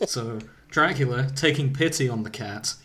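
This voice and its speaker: A man's voice: medium pitch, normal speed, fairly bright tone. A man hosting a podcast, casually retelling fan fiction with frequent laughs and tripping over his words. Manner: amused, laughing often, stumbling over words. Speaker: podcast host.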